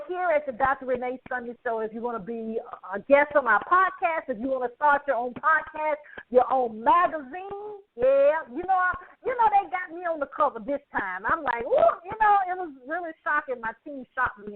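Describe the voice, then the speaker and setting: A woman's voice: high-pitched, expressive, moderate pace, background noise. A woman hosting her podcast. She talks with emphasis and emotion, repeats herself, and laughs often. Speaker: podcast host. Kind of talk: casual show sign-off. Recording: tinny phone-like line.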